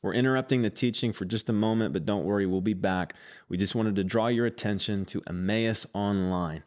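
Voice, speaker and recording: A man breaking in with a brisk, inviting promotional announcement. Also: on the low side, darkish tone.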